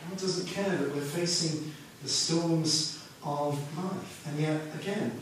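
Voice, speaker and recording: A man delivers a sermon in a relaxed, conversational way, telling the story slowly and with a fairly high voice. He sounds distant from the microphone, in a very echoey room with faint ambient noise behind him. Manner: conversational, storytelling, half-sings lyrics. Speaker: preacher.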